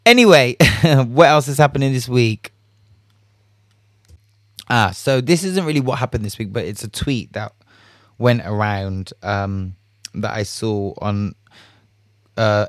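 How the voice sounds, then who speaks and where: A man hosting a casual solo chat, animated, laughing and swearing freely as he acts out reactions. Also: fairly low pitch, slow, dry recording, studio quality.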